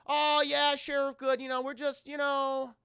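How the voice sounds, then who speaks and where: A man's voice: very high voice, completely flat delivery, measured pace, pushed and bright, no room sound, clean studio sound, pitched above the performer's own voice, heavily acted. A man voicing a frightened teenage boy who asks panicky, breathless questions. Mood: nervous.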